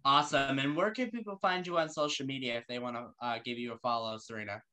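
A man's voice: mid-range voice, fairly even intonation, fast, sharp tone. A man hosting an interview show, asking questions casually with lots of fillers and loose, rambling answers. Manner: rambling, many fillers, friendly.

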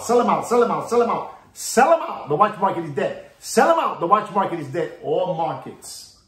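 A man ranting theatrically about the watch market, repeating himself and swinging between loud bursts and low mutters. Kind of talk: hyped market rant to camera. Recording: roomy echo.

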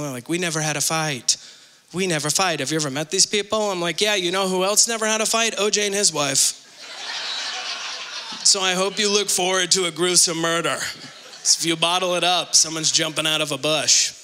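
A middle-aged male stand-up comedian working a theater crowd with a bright, piercing voice pitched high for a man. He tells his stories loudly and animatedly, jumping into shouted punchlines. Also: brisk. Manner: loud animated storytelling with sudden shouted punchlines. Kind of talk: live stand-up set. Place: theater stage with audience. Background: audience laughter.

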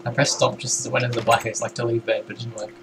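A man's voice: mid-range voice, very fast, creaky. Giggly man live-streaming a game, noisy mic. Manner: giggly, teasing, excitable. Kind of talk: casual co-op game stream chat. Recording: noisy home recording.

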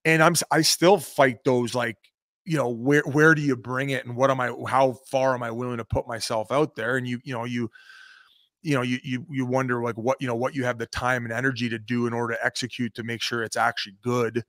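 A man's voice: medium pitch, little pitch movement, fairly quick, fairly bright tone, no room sound, studio quality. Swearing, laughing man telling stories. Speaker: podcast guest, former hockey player. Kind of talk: casual storytelling, profane.

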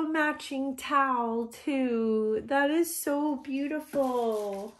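Gushing woman, near tears, slow-talking. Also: on the high side, lively intonation. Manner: sighs and soft laughs between words. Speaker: reborn doll channel host. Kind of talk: casual box-opening vlog.

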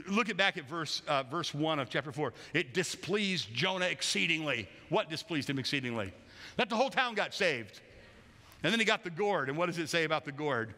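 In a church sanctuary with long hall reverb, a pastor preaches a sermon in a conversational, wry way full of playful asides. His voice sits on the high side, with lively intonation, a brisk pace and a bright, forceful tone.

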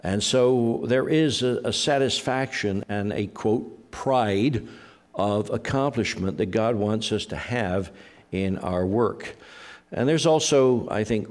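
A middle-aged pastor, his voice on the low side, delivers a conversational sermon. He pauses often and tells his anecdotes haltingly.

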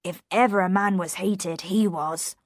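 A woman reading a rough, kindly coachman in an audiobook, steady and soothing. She speaks at a slow, unhurried pace with a dry, close sound. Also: on the low side, no room sound, lightly acted. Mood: grave.

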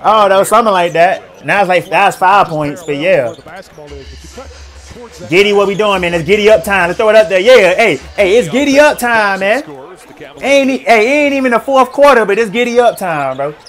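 A young man with a high-pitched voice reacts to basketball highlights in loose, slang-filled play-by-play. He stammers, repeats phrases and laughs along as he hypes each play. Faint music plays underneath. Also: lively intonation, moderate pace, fairly bright tone. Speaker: sports reaction host. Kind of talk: casual highlight reaction commentary.

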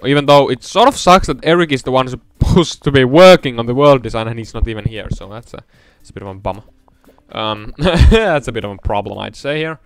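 Excitable young man narrating gameplay. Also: mid-range voice, fairly quick, smooth, no room sound, faint music behind. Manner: rambling, swings from mumbling asides to loud excited outbursts. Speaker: let's play gamer. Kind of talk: casual gameplay commentary.

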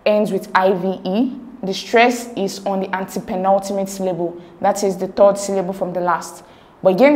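A woman tutor, patiently explaining exam questions step by step and sounding out words slowly. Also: medium pitch, dark tone.

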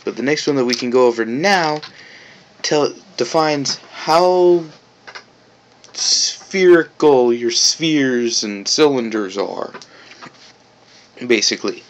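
A man talks through a software tutorial at an unhurried, drawn-out pace, wandering and correcting himself as he goes. Now and then he lights up with playful excitement, his voice sitting at an ordinary middle pitch. Faint keyboard typing and mouse clicks sit in the background. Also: slight background noise. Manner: rambling, self-correcting, bursts of playful excitement. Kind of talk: casual screencast tutorial.

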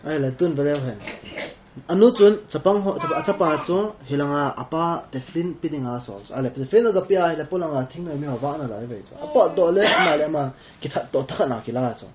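Fast-talking male interpreter. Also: a little high, animated, crowd noise. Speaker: interpreter for the class. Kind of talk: rapid spoken translation. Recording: dull lo-fi sound with faint room noise.

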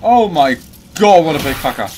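Young male horror game host; profane, easily startled, animated pitch. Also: normal speed, a little hiss or hum. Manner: swearing, startled shouts. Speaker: gaming channel host.

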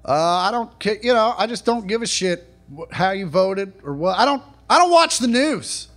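A man doing a live stand-up set in a comedy club, mocking and profane, shouting his punchlines. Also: high-pitched, animated, moderate pace. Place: comedy club stage before a laughing audience. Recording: live club recording, audience noise.

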